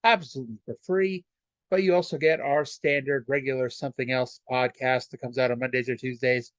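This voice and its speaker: A man's voice: mid-range voice, steady tone, brisk, dry recording, lo-fi sound. A man hosting a podcast, recapping episodes casually with lots of fillers and asides. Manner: rambling, with many fillers. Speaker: podcast host.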